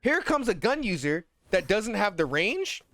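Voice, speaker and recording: A man with a fairly high voice rants about games in loose, slang-heavy talk, fired up and swearing freely. His voice sounds dry and close, with no room echo. Quiet music plays faintly underneath. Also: sing-song, moderate pace. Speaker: gaming content creator. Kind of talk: casual ranting commentary.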